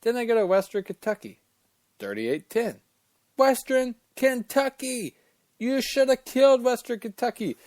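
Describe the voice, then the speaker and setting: High-voiced guy ranting on his sports talk show, opinionated and fired up, cusses a lot, dry close sound. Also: darkish tone, dry recording. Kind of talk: casual sports rant.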